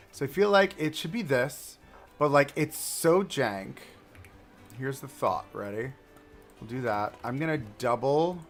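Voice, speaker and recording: On a livestream, a man with a medium-pitched, slightly bright voice and vocal fry casually comments on a theme park building game. He rambles to himself and to the objects he places.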